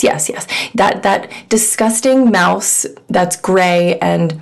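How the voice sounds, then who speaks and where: A woman's voice: medium pitch, measured pace, creaky, few pauses. A middle-aged woman hosting a podcast, telling a personal story in a candid, chatty way and sometimes dropping to a whisper. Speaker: podcast host.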